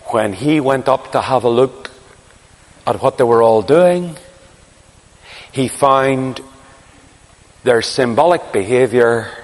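A man preaching a sermon, telling a story dramatically, swinging from hushed asides to crying out. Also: mid-range voice. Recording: long hall reverb.

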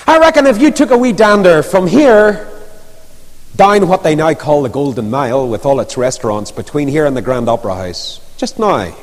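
A man preaching a sermon, telling stories with lively emphasis. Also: on the high side, normal speed. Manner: storytelling, animated, rising and falling emphasis. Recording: long reverb of a large hall.

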